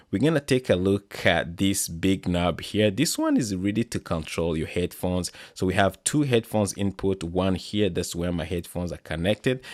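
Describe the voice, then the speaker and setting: A man's voice: deep voice, no room sound, clean studio sound. A man casually reviewing and demonstrating an audio interface, explaining as he goes with lots of fillers. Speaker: tech reviewer.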